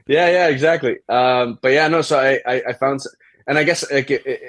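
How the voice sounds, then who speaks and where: A man's voice: medium pitch, a little fast, no room sound. A man from Germany, an actor, talking as an interview guest in a reflective, self-deprecating way with frequent restarts. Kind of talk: casual interview chat.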